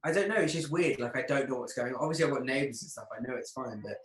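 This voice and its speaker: A man's voice: medium pitch, very fast. A young man chatting casually, telling stories and acting out friends' lines with lots of swearing. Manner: animated storyteller, quotes friends in lively voices, swears. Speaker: podcast guest. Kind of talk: casual chat. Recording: echoey room.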